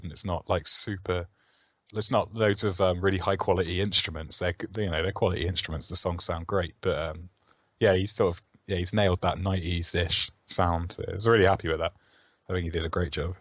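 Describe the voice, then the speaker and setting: A man's voice: deep voice, bright, forceful tone, no echo. A man with a sore throat from a cold, chatting as a game developer guest in a self-deprecating, hesitant way. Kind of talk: casual interview chat.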